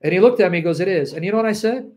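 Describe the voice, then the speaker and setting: A man's voice: sits high, racing, a little mellow. A man preaching to an online audience, acting out selfish voices that defy God and repeating phrases for emphasis. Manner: acts out selfish voices talking back to God, then tells a personal story. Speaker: Christian preacher.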